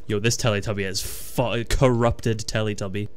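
Young man's excitable gameplay commentary. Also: lowish voice, moderate pace. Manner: excitable, swearing, laughing often, yelps at surprises. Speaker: gaming video host.

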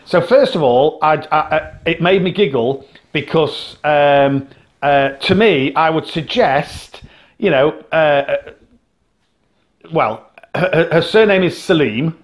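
A man's voice: a little high, slow pace. A man from Britain co-hosting a podcast, telling stories in casual chat with lots of laughs and restarts. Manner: animated storyteller, laughs often, many restarts. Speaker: podcast co-host.

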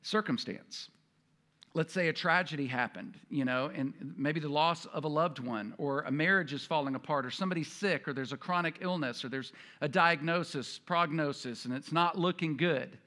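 A man's voice: a little high, normal speed, pushed and bright. A male pastor preaching a sermon in a conversational way, acting out prayers in quoted voices.

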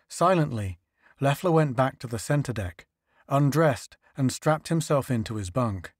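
A male audiobook narrator reads a scripted science fiction story in a steady, even manner, his medium-pitched voice at a measured pace. The studio-quality recording has no room sound.

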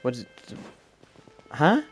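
A man's voice: takes it slowly, soft background music. A man giving casual commentary while playing a video game. He puzzles aloud and jokes to himself. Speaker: gaming streamer.

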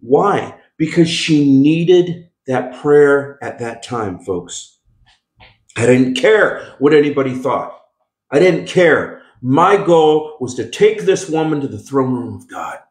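A man's voice: medium pitch, expressive, slow. A male pastor preaching a sermon, emphatic, with call-and-response asides and frequent restarts. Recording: echoey room.

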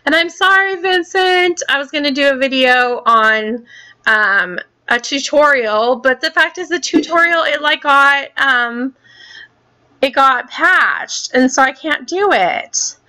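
A woman's voice: high voice, slow pace, sharp tone. A woman hosting her own gaming channel, delivering a heated, angry rant full of swearing and repeated points. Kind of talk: angry ranting vlog.

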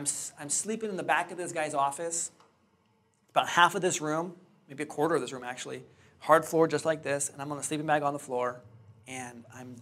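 A man in his thirties, a real estate trainer, telling his personal story to a live class with candid, animated quoted dialogue. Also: a little high. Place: training room with hard floor.

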